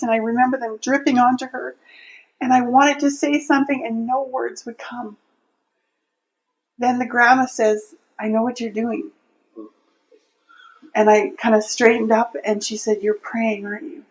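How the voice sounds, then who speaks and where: Woman, interview guest, personal faith testimony, earnest, heartfelt, slightly raised pitch. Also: level tone, moderate pace, low-quality recording. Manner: earnest, heartfelt storytelling with restarts.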